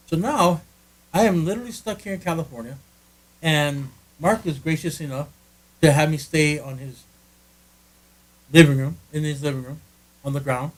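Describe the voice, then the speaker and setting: A man's voice: a little high, poor audio. A man co-hosting a casual podcast from a friend's living room, rambling and joking with lots of restarts. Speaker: podcast co-host. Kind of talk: casual chat.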